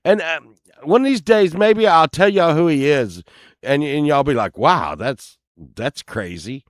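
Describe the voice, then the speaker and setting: A middle-aged man, telling a casual anecdote and loudly acting out the people in it. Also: fairly high pitch, measured pace, dry recording, studio quality. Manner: animated, acts out quoted lines loudly, laughs while telling. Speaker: storyteller.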